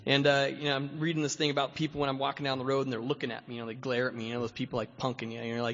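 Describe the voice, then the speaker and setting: A man speaking as guest at a recovery meeting, telling his story in a lively way and acting out what other people said, getting loud when excited. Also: medium pitch, very fast, few pauses. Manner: animated, acts out voices of others, grows loud when excited. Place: meeting hall. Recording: echoey hall, dull lo-fi recording.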